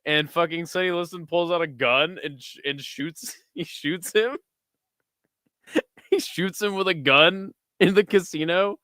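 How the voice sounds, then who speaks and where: A man's voice: fairly high pitch, measured pace, bright, forceful tone, no echo. A young man streaming who chats with his viewers while watching videos, laughs often, swears freely and tells stories with animation.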